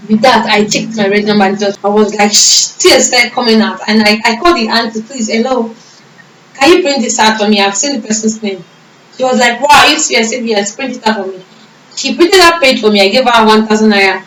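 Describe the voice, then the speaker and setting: A woman's voice: a little high, a little fast, fairly bright tone, a little hiss or hum. A young woman with a Nigerian accent, a vlogger telling a personal faith testimony in an earnest, emotional way. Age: young adult. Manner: earnest, emotional storytelling with reported dialogue. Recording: echoey room from a distance.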